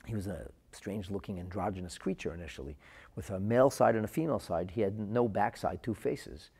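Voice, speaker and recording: A man's voice: fairly low pitch, a little fast, vocal fry, dark tone, slightly rough. A man giving a spoken religious lesson, telling stories earnestly and often repeating his words. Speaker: Torah teacher.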